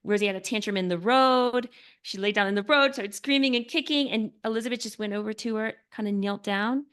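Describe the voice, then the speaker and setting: A woman author talking earnestly as a podcast guest, often filling with "like" and dropping to a soft hush when describing calm. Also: medium pitch, fairly quick, clear, resonant tone. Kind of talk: podcast interview.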